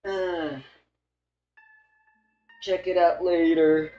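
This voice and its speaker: A man giving casual gameplay commentary with dry, deadpan remarks. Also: on the high side, drawn-out words, echoey room, muffled recording. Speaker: let's play gamer. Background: game music.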